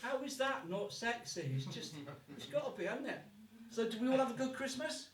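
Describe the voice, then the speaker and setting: A male stand-up from Birmingham, speaking at a moderate pace in a very high, animated voice, works a live comedy club. The echoey room is recorded from far off, and his set features free swearing and put-on accents.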